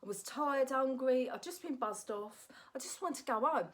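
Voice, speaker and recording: This comic and actress has a high voice and a moderate pace as she recounts something personal to her phone camera. Her delivery is blunt and animated, with "right?" tagged onto many of her sentences.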